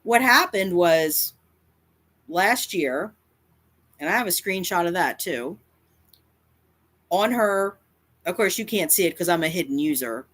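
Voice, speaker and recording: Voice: mid-range voice, expressive, a little slow, pauses often, fairly bright tone. A YouTuber speaking straight to camera in a confrontational rant, defiant and emphatic, often repeating lines for effect. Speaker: cat advocacy YouTuber.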